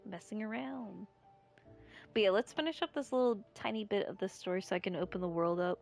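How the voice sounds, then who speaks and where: A woman's voice: medium pitch, expressive, fast. A woman streamer with a rural American accent, chatting in a rambling, giggly, irreverent way. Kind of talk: casual live-stream chat. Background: faint game music.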